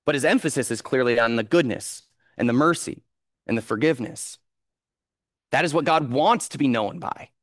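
Male pastor, mid pitch, measured earnest sermon delivery, dry close-miked sound. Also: no echo. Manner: earnest, measured preaching with slow emphatic scripture reading.

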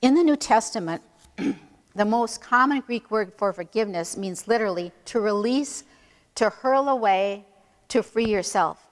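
A woman preaching a sermon in an earnest, emphatic way, slowing down to stress key phrases. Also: mid-range voice, animated, big-room sound.

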